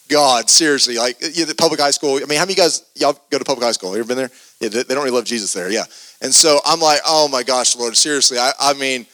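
A man preaches in a lively, storytelling way, often stumbling over repeated starts as he builds the scene. His voice is bright and forceful, sitting a bit high for a man. It's recorded close and dry, with no room sound. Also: dry recording. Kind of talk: sermon storytelling.

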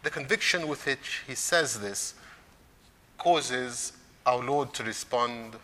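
In a church, a man preaches on scripture in a measured way, raising his bright, forceful mid-range voice for emphasis. Long reverb trails each phrase.

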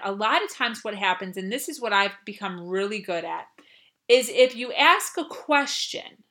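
A woman's voice: mid-range voice, sharp tone. A woman hosting a self-help podcast, giving advice and acting out little dialogues in a cheery voice. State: has a headache. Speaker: podcast host.

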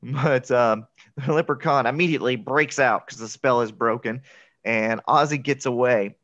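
A man's voice: mid-range voice, moderate pace, no echo. Brief: male podcast co-host, chatty film recap, dull dry lo-fi recording. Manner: chatty, laughs often, quotes lines in excited voices. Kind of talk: casual movie recap chat.

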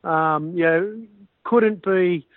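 A man's voice: a little high, drawn-out words, no room sound. A man answering interview questions about his club, upbeat, with many fillers. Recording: tinny dry phone line.

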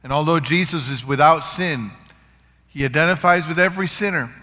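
A man's voice: on the high side, fairly quick, sharp tone. An older man preaching a sermon as pastor, earnest, with varied emphasis and stories. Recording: long reverb of a large hall.

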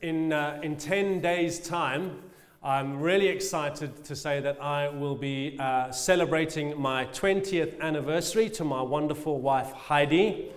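A man's voice: on the high side, measured pace. A man in his forties, a pastor giving a sermon, telling a personal story in a humble, storytelling way with laughs and restarts. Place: church hall. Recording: long hall reverb.

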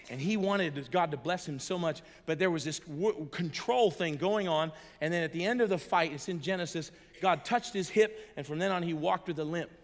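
A fairly high-voiced American preacher, middle-aged, delivering an earnest sermon to a gathered crowd. He shifts from quiet, intimate lines to emphatic bursts and laughs through his storytelling. His voice rings out with a long reverb from the big hall. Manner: earnest, emphatic, swings between soft and loud, chuckles as he tells stories. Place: large hall before an audience.

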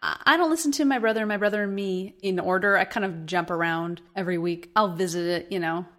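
A woman's voice: fairly low pitch, fast talker, fairly bright tone. Giggly woman co-hosting a podcast. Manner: chatty and giggly, jumping between topics. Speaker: podcast co-host. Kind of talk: casual chat.

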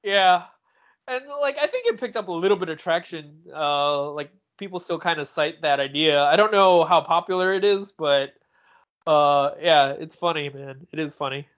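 High-voiced man, rambling podcast chat. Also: normal speed, a bit bright, dull audio. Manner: rambling, laughs often, fumbles for words. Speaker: podcast co-host. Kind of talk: casual chat.

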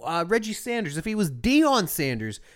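A male podcast co-host who argues his point hard and explains things eagerly, swearing now and then in casual banter. His voice runs a touch higher than most men's. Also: big pitch swings, moderate pace, a bit bright, clean tone. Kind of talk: casual banter about baseball.

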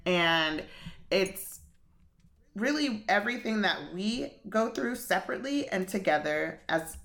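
Bright-voiced chatty woman guest. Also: medium pitch, lively intonation, unhurried. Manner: chatty, explains at length with many fillers. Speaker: podcast guest and co-host. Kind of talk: casual podcast conversation.

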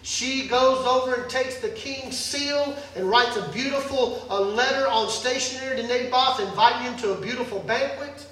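A pastor preaching a sermon in a church hall, telling the story in a lively, joking way. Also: male voice, very high voice, moderate pace, few pauses. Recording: echoey hall, distant mic.

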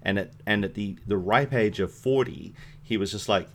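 A man's voice: on the low side, normal speed, a little hiss or hum. A man co-hosting a podcast, chatting casually and enthusiastically about films, swearing freely and trailing off into fillers. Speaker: podcast co-host. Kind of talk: casual movie chat.

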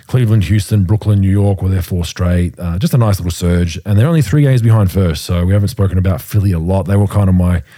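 A man co-hosting a casual sports podcast, relaxed and rambling. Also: sits low, no echo, studio quality. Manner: relaxed, rambling, apologetic asides. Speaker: podcast co-host.

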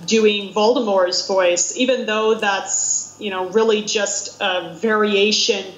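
A woman talks through films in a loose, chatty way, breaking into exclamations and laughter. Her voice sits at a middle pitch. The recording is echoey and slightly dull. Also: fairly even intonation, takes it slowly. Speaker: podcast co-host. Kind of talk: casual chat about films. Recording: roomy, dull lo-fi sound.

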